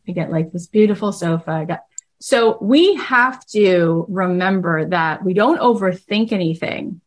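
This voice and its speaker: A woman hosting tells a casual story in a chatty, animated way, frequently acting out quoted dialogue and saying "like" a lot. Her voice is fairly low and her speed normal.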